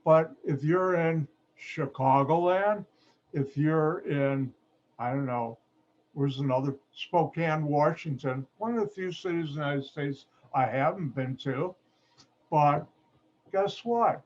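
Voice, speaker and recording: Joking chemistry lecturer on a call. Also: male voice, fairly high pitch, a little slow, a little mellow. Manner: jokey, playful asides. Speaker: chemistry instructor. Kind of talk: online lecture. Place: video call. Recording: muffled video call audio.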